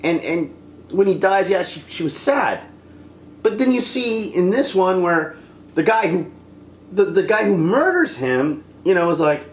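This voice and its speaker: A film reviewer ranting in an exasperated, animated way, acting out scenes as they go. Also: mid-range voice, normal speed, echoey room, slight background noise.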